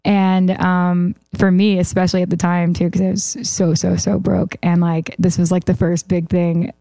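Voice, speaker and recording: A woman's voice: fairly low pitch, flat delivery, creaky, warm tone, dry recording. Young woman rambling through a story. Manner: rambling, fast, full of "like". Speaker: podcast guest, songwriter. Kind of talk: casual storytelling.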